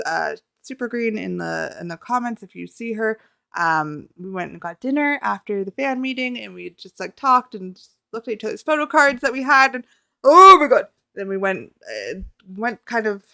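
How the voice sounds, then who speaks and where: A young woman from Canada, telling a rambling, excitable story about meeting a group in a casual vlog, talking close to the mic. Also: on the low side, creaky, smooth, dry recording. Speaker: YouTuber.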